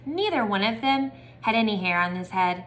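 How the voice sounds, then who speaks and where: A woman's voice: mid-range voice, lively intonation, normal speed, a bit bright, slight background noise. A woman casually reading a children's book aloud with friendly, chatty asides. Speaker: storybook reader. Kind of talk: casual read-aloud storytelling.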